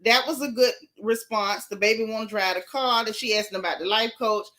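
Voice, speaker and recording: A woman's voice: on the high side, a little fast. A woman hosting a live stream, chatting bluntly and sassily about a reality show and thanking viewers. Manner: sassy, blunt, animated gossip. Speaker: show recap host. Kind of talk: casual live-stream chat.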